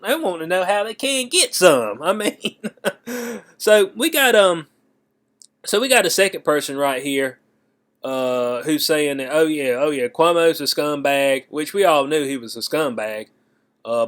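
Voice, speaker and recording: A man giving casual political commentary on his vlog, animated and slangy, breaking into laughs often. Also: fairly high pitch, normal speed.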